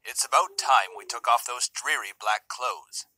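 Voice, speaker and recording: A cold, controlling father who talks down to his daughter in clipped, condescending lines, as a man reads him out. His tone is very bright and sharp, heard close and dry with no room around it. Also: medium pitch, unhurried, no echo, rough recording. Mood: cold, lecturing. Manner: curt, condescending lecturing. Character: stern, controlling middle-aged father. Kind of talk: voiced visual novel reading.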